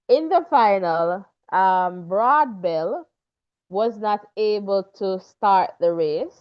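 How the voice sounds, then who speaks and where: A woman's voice: lowish voice, smooth. A woman hosting a talk show, casually reading through lists of names with fillers. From Jamaica. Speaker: show host. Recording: dull lo-fi recording.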